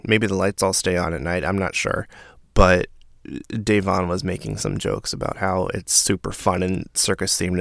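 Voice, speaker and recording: A man's voice: on the low side, gravelly, a bit bright, no room sound, clean studio sound. A man giving a casual, sarcastic recap of a reality TV episode, with exasperated commentary.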